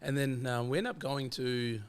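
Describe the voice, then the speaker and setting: An Australian man who is a podcast guest, telling casual anecdotes in a lively way and acting out the dialogue he quotes. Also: medium pitch, clean tone. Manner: animated, fast-flowing anecdotes that act out quoted dialogue. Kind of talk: casual storytelling chat.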